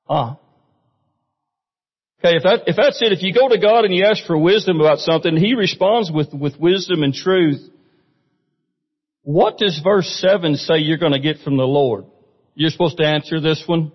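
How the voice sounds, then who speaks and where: A man's voice: a little high, animated, normal speed, breathy edge. A man preaching a sermon in a conversational way, often asking the congregation questions. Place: church sanctuary. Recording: muffled recording with long hall reverb.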